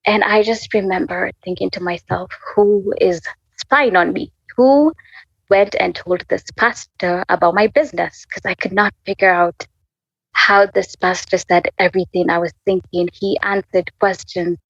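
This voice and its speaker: A woman's voice: medium pitch, flat delivery, normal speed, vocal fry, a bit bright, husky, no room sound, dull audio. A woman in her twenties from Kenya candidly telling her personal faith story as an interview guest. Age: 20s. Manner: candid, conversational, full of fillers.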